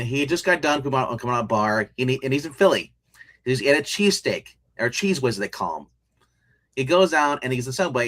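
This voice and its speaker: Rambling, animated man reviewing a show. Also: medium pitch. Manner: rambling and animated, many restarts and laughs, retells scenes. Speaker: podcast co-host reviewing a TV show. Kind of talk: casual review chat.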